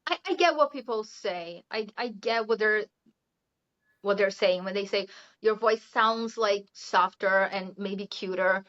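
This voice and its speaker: A woman's voice: medium pitch, measured pace, a bit bright, lo-fi sound. A Brazilian woman, an English teacher, speaking English in a chatty interview and often adding "you know" and light laughs. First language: Portuguese. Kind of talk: casual interview chat.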